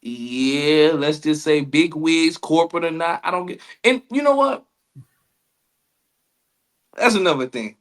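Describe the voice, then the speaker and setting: A man with a high voice holds forth on a casual comedy podcast. He tells animated stories, acting out the people in them and swearing freely. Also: unhurried, pauses often. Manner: animated storyteller, acts out quotes, swears freely. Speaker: podcast co-host.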